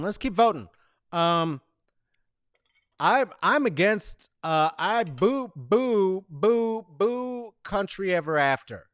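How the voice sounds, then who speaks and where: Animated, brassy man ranting casually. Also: a little high, slow pace, clear, resonant tone, no echo, clean studio sound. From San Francisco Bay Area. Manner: swearing, rambling, animated rants with mock booing. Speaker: host. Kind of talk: casual comedic monologue.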